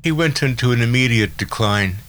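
A man reading a novel aloud as an audiobook narrator, in a measured, literary first-person style. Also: mid-range voice, lively intonation, a bit bright, rough recording. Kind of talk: scripted narration.

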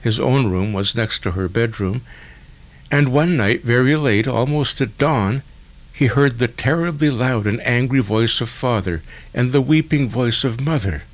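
A man narrating a literary story in a measured, deliberate way. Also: medium pitch. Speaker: audiobook narrator.

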